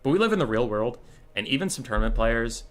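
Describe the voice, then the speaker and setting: A man's voice: mid-range voice, expressive, fast talker. A man hosting a casual livestream who talks in a profane, rambling way and retells stories with animation. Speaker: streamer and tournament host.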